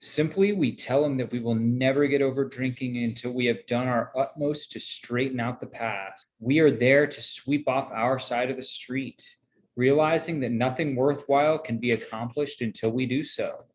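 A man reading a passage aloud at a group meeting in a steady, even way. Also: medium pitch, moderate pace, low-quality recording. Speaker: reader at a recovery meeting.

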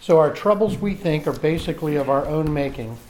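A middle-aged man sharing candidly in a recovery group, self-mocking and halting, often restarting his sentences. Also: fairly high pitch, animated, a little mellow, slight background noise.

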